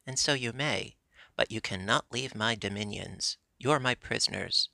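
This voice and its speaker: A man's voice: on the low side, moderate pace, vocal fry, pushed and bright, dry recording, full character voice. A man voicing a small, angry male gnome king who makes threats. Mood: threatening. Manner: commanding, threatening.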